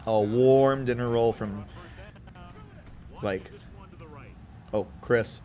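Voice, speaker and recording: A man from Houston giving casual, rambling commentary as he plays a football video game, with excited outbursts and side chatter. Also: medium pitch, slow pace. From Houston, Texas. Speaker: gaming YouTuber.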